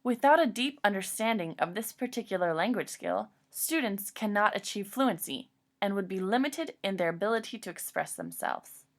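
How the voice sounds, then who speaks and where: Gravelly-voiced woman reading academic script. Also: medium pitch, animated, moderate pace. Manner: formal, read from a script. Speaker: teacher trainee presenting a lesson plan.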